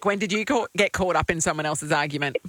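Radio host, bright dry voice, teasing and quick. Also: mid-range voice, no room sound. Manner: quick, teasing, laughs often. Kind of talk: talk radio banter.

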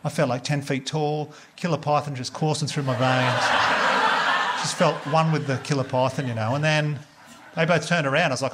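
A man doing stand-up comedy, telling sweary, animated stories and slipping into voices for the people in them. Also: on the high side, a little fast, very noisy. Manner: animated, sweary storytelling with put-on quoted voices.

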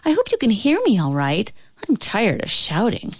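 A woman voicing an excitable little girl who calls out loudly from far away in a storybook reading. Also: mid-range voice, normal speed, husky, dry recording, studio quality, exaggerated voice. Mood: chatty.

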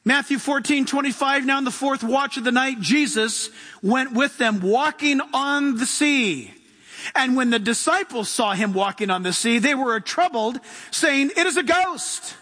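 A man's voice: extremely high pitch, animated, measured pace, bright, forceful tone. A man preaching an impassioned sermon in a church, reading scripture and asking the congregation questions. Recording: long hall reverb.

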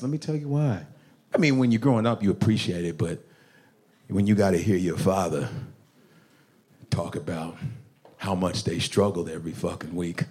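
Animated male stand-up comic, lively pitch. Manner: loud, animated, acts out parents and kids. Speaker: stand-up comedian. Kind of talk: stand-up comedy with crowd work. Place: comedy club stage with live audience. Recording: live club audio with crowd noise.

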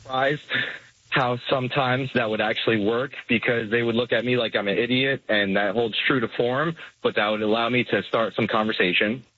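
A man calling into a sports radio show, chatting in a relaxed, friendly way. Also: mid-range voice, moderate pace, no room sound, highs cut off. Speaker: caller. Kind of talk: casual call-in chat.

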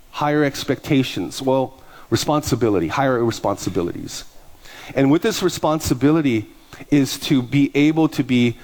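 A middle-aged male pastor preaching a sermon, telling stories and acting out the voices of people in them. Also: on the high side. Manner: animated, acts out dialogue in quoted voices. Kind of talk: sermon with storytelling.

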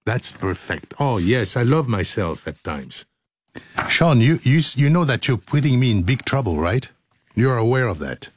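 A man's voice: mid-range voice, very animated, normal speed, a little hiss or hum. A middle-aged man hosting a radio show, joking and laughing his way through outtakes and retakes. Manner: playful, giggly, self-mocking.

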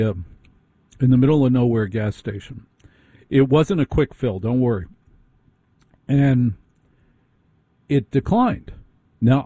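Man, storytelling monologue, wry and exasperated, dark husky voice. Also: mid-range voice, no echo.

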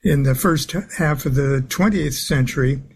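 A man speaking as a guest on a talk radio show, halting and full of filler sounds, with soft chuckles. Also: mid-range voice, gravelly, husky. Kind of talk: phone-in talk radio interview.

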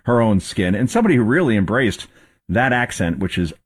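A man's voice: on the low side, big pitch swings, fairly quick, breathy edge. A man hosting a news commentary show, talking in a rambling, conversational way. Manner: rambling, conversational, with fillers and restarts.

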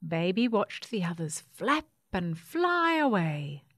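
Woman reading a picture book slowly. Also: mid-range voice, dry recording, studio quality. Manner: expressive, unhurried. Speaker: storyteller. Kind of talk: children's storybook reading.

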